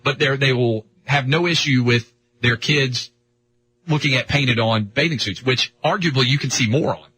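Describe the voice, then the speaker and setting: Man, radio host, bright tone, teasing banter, quick questions. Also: medium pitch, husky, low-quality recording. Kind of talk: sports talk radio banter.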